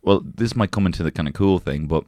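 A man's voice: low-pitched, fast, darkish tone, dry recording. An Irish man co-hosting a podcast, chatting casually, swearing and joking while reading passages aloud. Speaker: podcast co-host. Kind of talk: casual chat.

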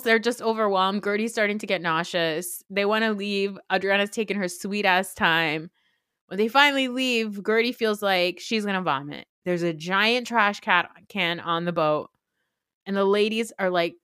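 A woman hosts a podcast, recapping reality TV in a casual, gossipy way. She talks animatedly and swears freely. Her voice sits at a middle pitch, recorded dry and close with no room sound. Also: normal speed, fairly bright tone, clean tone, no room sound. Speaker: podcast host.

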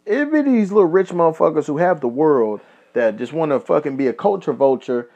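Kentucky man, podcast host, high lively voice, swearing freely. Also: a little fast, dull audio. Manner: profane, animated storytelling. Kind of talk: casual chat.

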